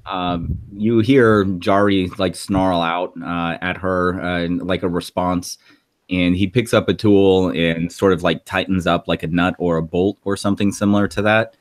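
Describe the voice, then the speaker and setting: A man narrating a tabletop game as game master, halting and filled with ums and likes. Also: deep voice, fairly even intonation, no room sound.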